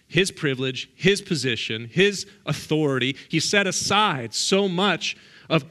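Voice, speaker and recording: A man's voice: medium pitch, pushed and bright. A middle-aged man, a guest pastor, preaching a sermon with emphatic repetition and direct questions to the congregation in a church. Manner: emphatic, repeats key words for stress. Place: church sanctuary.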